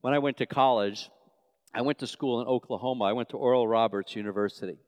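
A man from Long Island, New York, preaching a sermon as pastor. He swings between loud, emphatic lines and soft, low asides, and often restarts his sentences. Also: fairly even intonation, fast talker, clean tone. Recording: long reverb of a large hall.

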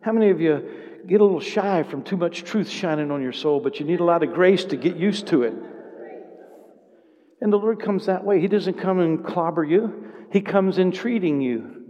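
A married man whose voice sits high preaches expressively at a moderate pace, captured with lo-fi sound and long hall reverb in a church sanctuary. As pastor, he speaks conversationally with repeated calls to his congregation, then builds to impassioned, loud exhortation.

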